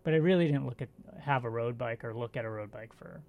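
Gravelly middle-aged man recalling the past. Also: mid-range voice, phone-quality sound. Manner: halting, filler-heavy recollection. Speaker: guest, former bike racer. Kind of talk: casual conversational storytelling.

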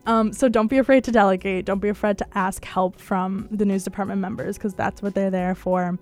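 Young woman, college radio news host, croaky voice, casual and chatty with frequent laughs. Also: medium pitch, steady tone, brisk, faint music behind. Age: young adult. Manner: chatty, laughs often, fillers like "um".

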